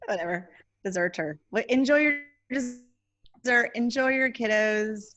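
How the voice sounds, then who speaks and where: A woman's voice: a little high, a little slow, fairly bright tone, lo-fi sound. A middle-aged woman co-hosting a podcast in casual chat, laughing often and making puns. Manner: giggly, punny, chatty. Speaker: podcast co-host.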